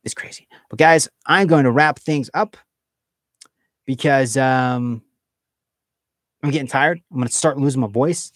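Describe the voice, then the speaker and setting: A man's voice: medium pitch, unhurried, pauses often, fairly bright tone, no room sound, clean studio sound. A man hosting a casual live stream, reading out viewer comments and chatting in a rambling way, full of fillers and restarts.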